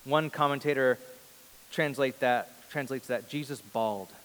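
A man in his thirties preaching a sermon before a large congregation, earnest, moving between loud emphasis and soft, hushed lines. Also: medium pitch, measured pace. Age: 30s. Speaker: pastor. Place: large church hall before a big congregation. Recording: long reverb of a large hall.

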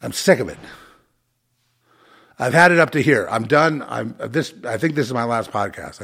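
A man's voice: mid-range voice, creaky, fairly bright tone, husky. A man hosting his own podcast, delivering an angry, profane and sarcastic solo rant. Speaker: podcast host.

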